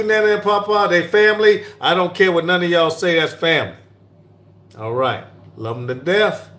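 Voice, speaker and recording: A middle-aged man hosts a live-stream Q&A from an airport, reading viewer comments in a relaxed, chatty way and laughing often. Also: a little high. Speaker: cooking channel host. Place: airport lounge. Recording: echoey airport with faint hum.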